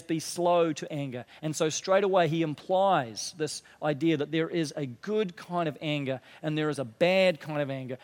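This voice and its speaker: Earnest high-voiced male preacher in a hall. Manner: earnest preaching, drops low and quiet for emphasis, rises when stirred. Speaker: pastor. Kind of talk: sermon.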